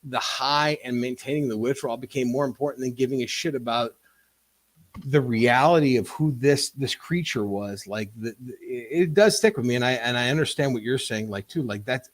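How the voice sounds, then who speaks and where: A man in casual podcast talk with a voice of average pitch. He tells his stories haltingly, pausing and restarting, and swears without a second thought. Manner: halting, profane storytelling. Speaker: podcast co-host. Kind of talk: casual chat.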